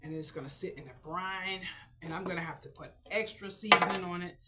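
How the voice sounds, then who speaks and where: Speaking a little fast in a fairly low-pitched voice, this woman, a frugal living vlogger, addresses her "boys and girls" in a rambling, heartfelt personal chat to camera that's full of fillers. Faint noise sits under the dull, lo-fi recording.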